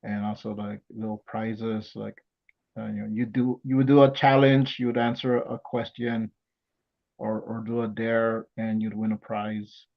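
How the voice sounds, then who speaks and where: Male podcast host, gravelly mid-low voice, halting casual delivery, dull lo-fi recording. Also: monotone. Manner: halting, many fillers and restarts while recounting. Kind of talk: casual chat. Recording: dull lo-fi sound.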